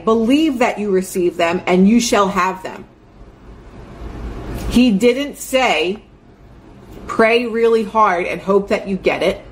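A woman's voice: on the high side, slight background noise. A young adult woman giving an earnest, chatty motivational talk, full of fillers like "like". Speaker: host.

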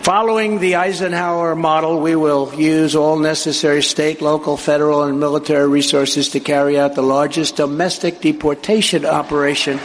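A man's voice: on the high side, steady tone, moderate pace, few pauses. Emphatic man at a rally. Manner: rambling, repetitive, emphatic. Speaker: political speaker. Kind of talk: rally speech. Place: large venue with a live crowd. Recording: echoey hall with crowd noise.

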